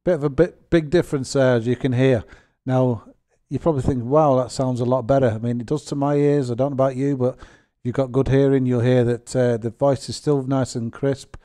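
A gaming host talks through a software tutorial in a mellow, darker tone. He rambles casually and cracks small self-deprecating jokes as he goes. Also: mid-range voice, fairly even intonation, fairly quick.

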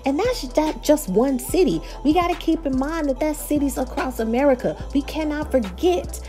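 A woman's voice: sits high, lively intonation, normal speed, mellow, soft background music. A woman with a Texas accent recapping and reviewing a reality show, chatty and opinionated, talking straight to her viewers. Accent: Texan.

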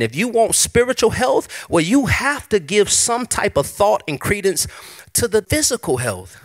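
Pastor, male, sermon delivery, higher voice, swings a lot in pitch, conversational and personal. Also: moderate pace. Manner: conversational preaching, animated and personal. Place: church service.

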